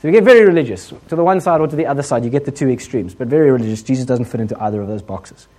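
Conversational English preacher. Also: male voice, medium pitch, racing. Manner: conversational, humorous, animated, with many asides. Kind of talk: sermon with storytelling.

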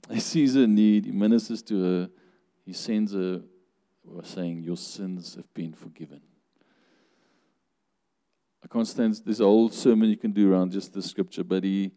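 A man preaching a sermon in a church hall, with a fairly low, mellow voice. He talks conversationally, asks the listeners questions and laughs now and then. A long reverb from the hall hangs on his words.

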